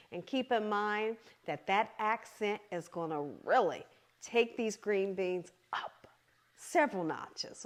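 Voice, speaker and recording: A woman hosting her own cooking channel, walking viewers through a home recipe in a chatty, encouraging way and often checking in with "okay?". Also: medium pitch. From American South.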